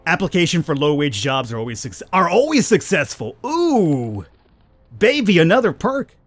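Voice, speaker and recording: A man with a low voice giving rambling, casual commentary on a game he is playing, and chatting to the characters on screen. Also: big pitch swings, moderate pace, faint music behind. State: panicked, high and urgent. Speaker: let's play gamer.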